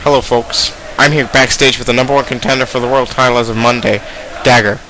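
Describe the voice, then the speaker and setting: A man voicing a deep-voiced male backstage interviewer who asks calm, formal questions. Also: fast, a little hiss or hum, rough recording.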